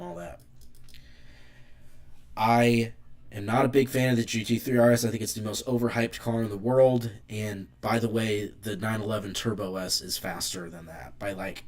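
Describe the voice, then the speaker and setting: A young man chatting casually on a live stream with an animated, rambling delivery. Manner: animated, rambling car enthusiast, wide pitch swings.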